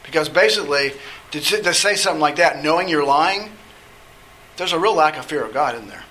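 A man's voice: on the high side, expressive, a little fast, pushed and bright, low-quality recording. A man leading a Bible study group, teaching in a conversational way and often checking in with the group by asking "okay?".

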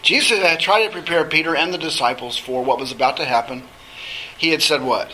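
A man teaching a Bible study lesson talks conversationally and asks the class questions, with halting restarts. His voice is fairly high, pushed and bright. The low-quality recording has slight background noise.

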